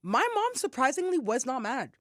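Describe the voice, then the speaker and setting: A woman's voice: sits high, normal speed, no room sound. Young woman podcast co-host, chatty storyteller, salty language, dry close mic. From Ottawa, Canada. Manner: animated storyteller, acts out quotes, swears freely. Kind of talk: casual storytelling chat.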